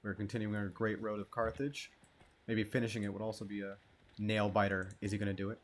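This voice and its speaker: A man's voice: lowish voice, level tone, fairly quick. A man giving casual, rambling gameplay commentary, joking and swearing as he plays. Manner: laid-back, rambling and joking, with frequent swearing. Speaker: gamer.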